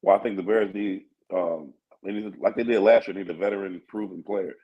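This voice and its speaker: A man's voice: low-pitched, fairly even intonation, fairly quick, lo-fi sound. A man analyzing sports in casual talk-show chat, thinking aloud and asking "you know what I mean?". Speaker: sports talk co-host or guest.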